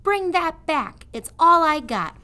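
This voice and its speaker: A woman voicing a guilty, weepy middle-aged prisoner in a storybook read-aloud, pleading and plaintive with rough grammar. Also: a little high, animated, unhurried, fairly bright tone. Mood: indignant.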